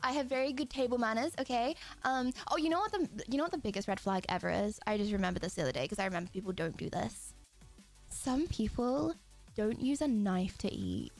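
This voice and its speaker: A woman's voice: on the high side, very animated, fairly quick, creaky. A young woman in her twenties with an English accent, a streamer rambling and giggling as she chats casually with viewers. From England. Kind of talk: casual live-stream chat. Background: quiet music.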